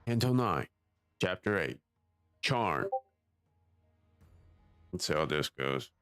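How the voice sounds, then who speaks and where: A man's voice: deep voice, sing-song, slow pace, fairly bright tone, smooth, dry recording, soft background music. A young man live-streaming a video game, chatting casually and reading the story's dialogue aloud, swearing offhandedly at his own slip-ups.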